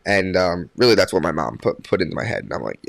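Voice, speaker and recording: A man's voice: low-pitched, fast talker, creaky, no echo. A young man, a podcast guest, telling a story casually with many fillers and restarts. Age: young adult. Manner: animated when quoting others.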